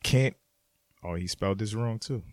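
A man's voice: lowish voice, normal speed, no echo. A man co-hosting a podcast, weighing in on beats in a hesitant, easygoing way. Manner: hesitant, easygoing, laughs often. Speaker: podcast co-host reviewing beats. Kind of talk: casual chat.

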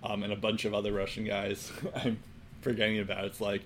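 A man co-hosting a casual sports chat, rambling and filling every pause with "like" and "um". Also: fairly low pitch, monotone, a bit bright, a little hiss or hum. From Boston area. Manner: rambling, heavy on fillers like "like" and "um". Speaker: sports podcast co-host.

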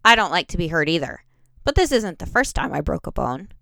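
Casting: woman voicing a cheerful reckless young man, casual, gravelly yet smooth, dry booth. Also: low voice, sing-song, a little fast, a bit bright, no room sound, exaggerated voice. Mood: breezy. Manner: casual, easygoing delivery. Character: young male daredevil, cheerful and carefree.

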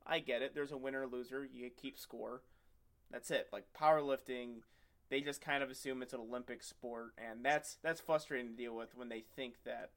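A young man talking loosely with a co-host on a podcast. He rambles and jokes, and acts out both sides of his stories. His voice sits at an ordinary middle pitch. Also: steady tone, moderate pace, a bit bright. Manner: rambling, joking storyteller who acts out other people. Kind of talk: casual chat.

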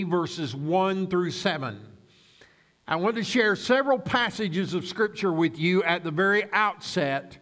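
Slow, high-voiced preaching man. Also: bright, forceful tone. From United States. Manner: slow, deliberate preaching that rises in pitch when reading Scripture. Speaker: pastor. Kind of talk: sermon.

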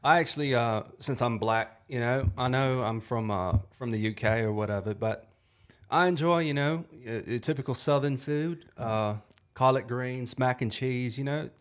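A man's voice: mid-range voice, moderate pace, lightly acted. Guy doing a young british rapper, rambling, lots of "you know", improv bit. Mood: laid-back. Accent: put-on British. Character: young male British rapper, laid-back and boastful. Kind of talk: improvised impression game.

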